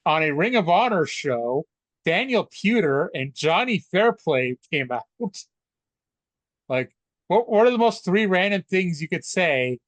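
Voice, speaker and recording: A man's voice: sits high, very animated, a little slow, dry recording. A man co-hosting a casual wrestling podcast, chatty and stammering through restarts, swearing freely. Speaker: podcast co-host. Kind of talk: casual wrestling recap chat.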